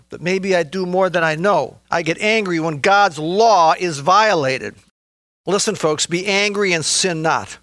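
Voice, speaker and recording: A man preaching a sermon, emphatic, swinging between loud exclamations and low, quiet asides. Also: a little slow, dry recording.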